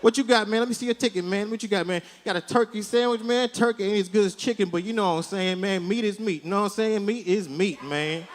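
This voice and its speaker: A man's voice: high voice, fast, hardly any pauses, close to an everyday voice. A man voicing a swaggering young male shop clerk who tacks "man" onto every line. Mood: laid-back.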